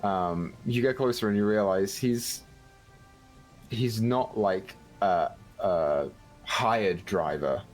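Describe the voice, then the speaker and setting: A man's voice: lowish voice, slow, soft background music. A man narrating as game master in a tabletop game, loose and casual, with many fillers.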